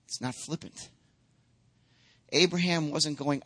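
A man's voice: a little high, lively intonation, normal speed, pushed and bright. A man preaching a sermon as a pastor, conversational and emphatic, acting out quotes as he goes.

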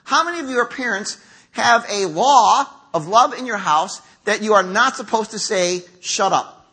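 A man's voice: high-pitched, expressive, unhurried, bright, forceful tone, slightly rough. A middle-aged man preaching a conversational sermon in a church, acting out quotes as he goes. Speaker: pastor. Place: church sanctuary.

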